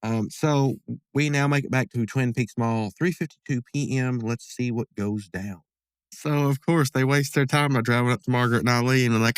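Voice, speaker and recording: A man's voice: medium pitch, moderate pace, clear, resonant tone, no echo, studio quality. A man casually recapping an episode as a podcast host, rambling with lots of fillers and asides.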